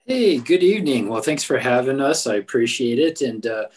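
Man, mid-pitch voice, casual, fillers, sponsor message, video call. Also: lively intonation, moderate pace. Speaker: company representative.

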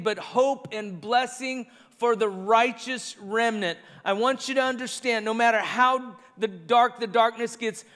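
This man's voice is extremely high-pitched and fairly bright. Preaching as pastor in a church sanctuary, he speaks earnestly and repeats his phrasing, with the long reverb of a large church hall around him.

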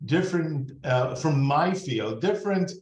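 A man's voice: fairly high pitch, expressive, measured pace, a little mellow. Older man lecturing in an echoey room. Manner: chatty, digressive, with fillers. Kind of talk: webinar lecture. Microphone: video call.

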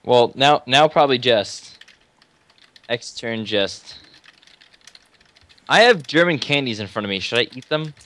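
A man's voice: mid-range voice, expressive, measured pace, pauses often, fairly bright tone. A man chatting casually and joking with friends while playing an online game. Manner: laughing, joking banter. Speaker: gamer. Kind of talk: casual gaming chat.

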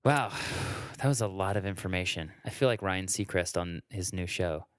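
A man's voice: low voice, normal speed. A man, a comedian, chatting casually and joking as a podcast guest. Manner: joking, lively, mimics others. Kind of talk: casual chat.

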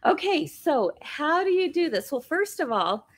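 A woman hosting a live sewing tutorial, bubbly and chatty and laughing often, her voice slightly hoarse. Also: high voice, sing-song, a little slow, no room sound. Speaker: quilt shop host.

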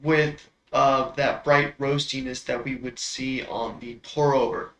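Bright-voiced man explaining coffee in an echoey room. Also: mid-range voice, fairly even intonation, measured pace. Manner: explanatory, with frequent fillers. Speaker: coffee tasting host. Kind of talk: casual instructional demo.

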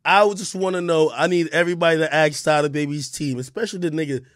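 A man giving loud, laughing reaction commentary, swinging from shouts to low mutters. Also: steady tone, fast, no room sound, clean studio sound. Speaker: hip hop commentary streamer.

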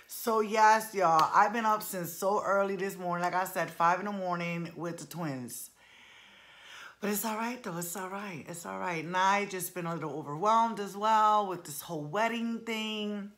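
This woman in her forties is a vlogger chatting casually with her viewers, calling them y'all and packing her talk with playful slang. Her voice sits in the mid range and sounds a bit bright.

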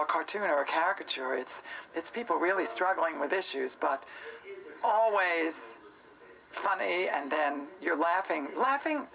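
Earnest male show creator, gravelly and bright, a little higher voice. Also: rough recording. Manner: earnest, warm about the show, laughs easily. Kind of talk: casual interview chat.

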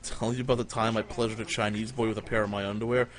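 A man with a lowish, very fast, fairly monotone voice hosts a livestream, with slight hiss or hum in the audio. He rambles through crude comic tall tales, swearing a lot and jumping into loud quoted voices.

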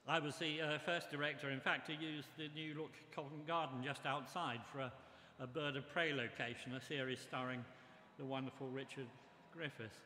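An older man giving a memorial tribute speech, reminiscing in a measured way. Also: on the high side, steady tone, pushed and bright, slight background noise. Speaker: memorial speaker. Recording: echoey hall with long reverb.

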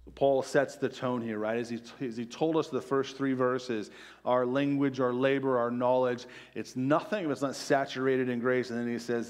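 A middle-aged male pastor preaching a conversational sermon, peppered with "right?" asides and dropping to a soft hush on key phrases. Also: medium pitch, steady tone, moderate pace. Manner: drops to quiet, soft emphasis on key phrases.

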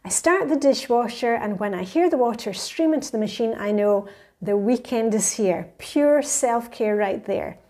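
A woman's voice: a little high, lively intonation, normal speed, mellow. A woman in her fifties, a lifestyle vlogger chatting enthusiastically as she reads out and answers viewer comments. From Scotland. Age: 50s.

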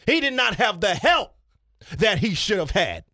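A man voicing a loud, brash male sports pundit who preaches and swings between shouting and hushed asides, in a radio studio. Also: high-pitched, sing-song, normal speed, no room sound, exaggerated voice. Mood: ranting. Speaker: comedian doing an impression.

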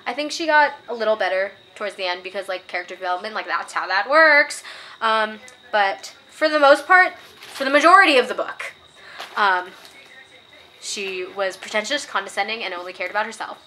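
In a mid-range, bright, and clear voice, a young woman talks through a book review casually and a little fast. She gets worked up over the passages she quotes and shares firm opinions. There's a little hiss or hum in the background.

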